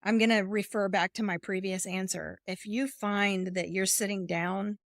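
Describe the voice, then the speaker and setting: A woman coach, guesting on a podcast, lays out her ideas expressively and plays out the voices in someone's head. Her mid-range voice keeps a fairly even intonation at normal speed. It's studio quality, with no echo.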